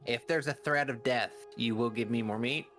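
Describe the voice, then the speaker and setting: A man's voice: mid-range voice, moderate pace, a bit bright, faint music behind. A man playing a tabletop game, speaking in character in a dry, matter-of-fact way. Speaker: player.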